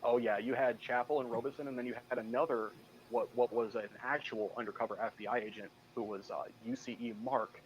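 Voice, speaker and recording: A man's voice: mid-range voice, steady tone, a little fast, low-quality recording. A man from Michigan talks through his stories in a loose, rambling way, packing in "you know" and "I said", and slips into other people's lines as he goes. His voice sits in a middle register. Faint noise hums behind him. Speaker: guest. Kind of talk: casual interview storytelling.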